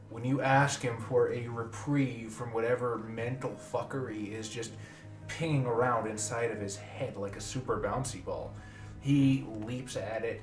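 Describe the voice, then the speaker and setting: A man's voice: on the low side, distant mic. A man narrating as game master, casual and a bit profane. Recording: roomy echo with faint music.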